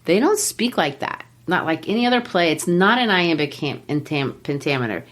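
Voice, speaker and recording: Woman explaining literature, lower pitch. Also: normal speed. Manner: lively teacherly explaining, says "you know" often. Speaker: podcast host and literature teacher. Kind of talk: explanatory podcast discussion.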